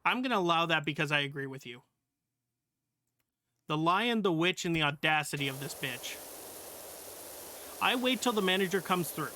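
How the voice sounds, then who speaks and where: Young guy streamer, sharp tense voice, blunt and sweary, venting about an old job. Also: on the high side, expressive, normal speed, pauses often, dry recording. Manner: profane, blunt, exasperated retelling. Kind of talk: casual storytelling.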